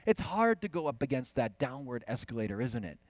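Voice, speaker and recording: A man's voice: mid-range voice, a little fast, no echo. Man telling stories at a conference. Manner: lively storyteller asking the audience questions. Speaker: conference speaker. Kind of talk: faith conference talk with stories.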